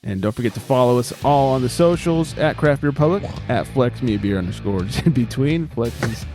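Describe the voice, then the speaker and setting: A man's voice: mid-range voice, brisk, soft background music. A man hosting a beer podcast in casual chat, joking and laughing a lot. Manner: jokey, laughs often, animated. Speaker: podcast host.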